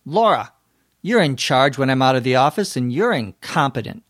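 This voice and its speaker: A blustering, arrogant middle-aged boss, read by a man, talks in a brash, dismissive way. The voice is mid-pitched, and the recording is dry and close. It plays as a scripted learning dialogue. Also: big pitch swings, moderate pace, fairly bright tone, dry recording.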